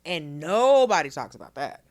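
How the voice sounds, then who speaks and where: A woman's voice: deep voice, moderate pace. A woman comedian telling school stories in a casual podcast chat, acting out quotes and swearing freely. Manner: animated storyteller, acts out quotes, swears. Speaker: guest comedian.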